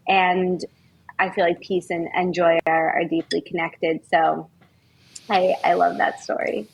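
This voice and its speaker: A woman's voice: on the low side, little pitch movement, measured pace, creaky, husky, low-quality recording. Woman, podcast guest, heartfelt, earnest, lingers on words. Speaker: podcast guest, folk herbalist. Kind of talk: reflective conversational interview.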